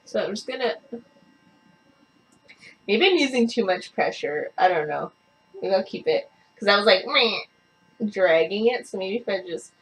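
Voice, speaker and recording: A woman's voice: medium pitch, lively intonation, moderate pace, pauses often, a bit bright. A young woman vlogging a makeup review, talking casually and bluntly, swearing and ranting. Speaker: beauty vlogger.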